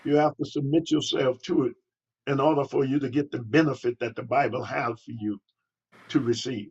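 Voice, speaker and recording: An older man, a pastor, answering interview questions in a halting way with many pauses and fillers, on a dull lo-fi recording. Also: mid-range voice, steady tone, darkish tone, breathy edge.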